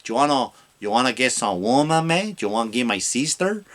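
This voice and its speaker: A man's voice: big pitch swings, fast, fairly bright tone. Guy putting on a pushy hawker with a fake mexican accent, wheedling. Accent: put-on Mexican. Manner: wheedling sales pitch. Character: pushy male street hawker pestering tourists.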